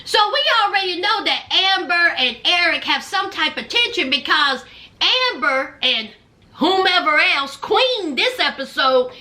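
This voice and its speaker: Sassy, high-voiced woman vlogger. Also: pushed and bright. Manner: sassy, gossipy, addresses viewers as child and honey. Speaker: reality TV recap vlogger. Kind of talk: casual recap commentary.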